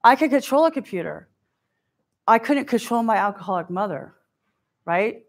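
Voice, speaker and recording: A woman's voice: on the high side, animated, normal speed. Candid woman giving a keynote. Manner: candid, self-deprecating, acts out quoted voices. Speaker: keynote speaker. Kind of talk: conference keynote talk.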